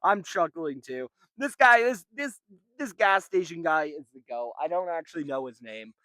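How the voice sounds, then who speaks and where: Young guy rambling thru a story w lots of swearing, dry close sound, kinda high voice. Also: moderate pace, no room sound. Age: young adult. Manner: profane, rambling and animated. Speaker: vlogger. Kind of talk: casual storytelling.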